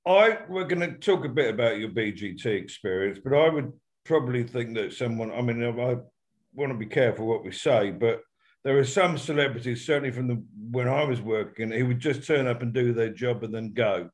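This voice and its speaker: Guy hosting an interview, calm careful questions, mid pitch. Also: fairly quick. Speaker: interview host. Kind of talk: conversational interview.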